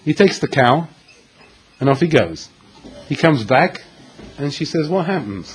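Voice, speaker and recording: A man giving a storytelling Torah lecture, animated and acting out the dialogue with dramatic pauses. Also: a little high, a little hiss or hum, poor audio. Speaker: Torah teacher.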